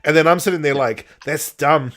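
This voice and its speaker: A man's voice: fairly high pitch, moderate pace, a bit bright. A man co-hosting a podcast, animatedly retelling episodes and acting out characters in put-on voices. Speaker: podcast co-host. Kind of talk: casual chat.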